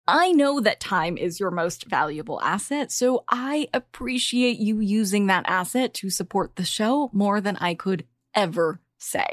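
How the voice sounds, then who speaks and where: A woman's voice: mid-range voice, no echo. A woman hosting her podcast, speaking in an earnest, grateful way with playful asides, on a close studio mic. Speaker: podcast host. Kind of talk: scripted podcast address.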